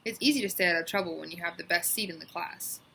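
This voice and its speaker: A woman reading a children's book aloud with lively, expressive storytelling. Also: fairly low pitch, quick pace, gravelly, noisy background. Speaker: storybook reader.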